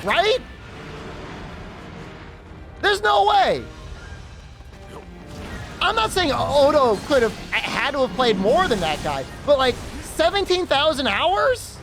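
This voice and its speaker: A man's voice: very high voice, sing-song, slow, long pauses, music in the background. Giggly, rambling male streamer. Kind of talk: casual gaming stream chat.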